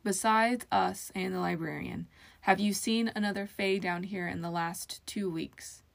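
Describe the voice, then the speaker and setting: A woman voicing a proud young male high fae knight who stammers and forces his composure. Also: fairly even intonation, unhurried, creaky. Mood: firm.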